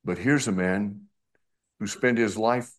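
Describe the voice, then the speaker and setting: A middle-aged male pastor preaching an expository sermon, slow and emphatic, with conversational asides. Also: on the low side.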